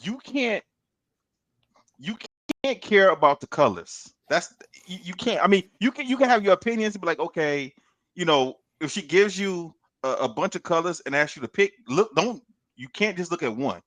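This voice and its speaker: A man's voice: sits high, normal speed, no echo. A middle-aged man in casual podcast chat, giving advice and repeating himself as he talks. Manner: animated, repeats words, gives advice. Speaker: podcast co-host.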